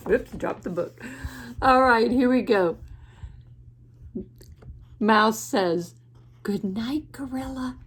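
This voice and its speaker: A woman teacher reading a picture book aloud to children in a gentle way, pausing to ask the listener questions. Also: a little high, slight background noise. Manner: gentle, asks the listener questions, laughs often.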